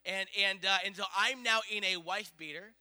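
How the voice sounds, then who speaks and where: A man in his thirties telling a long personal story in a sermon, rambling and animated, full of fillers. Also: high-pitched, moderate pace, a little hiss or hum.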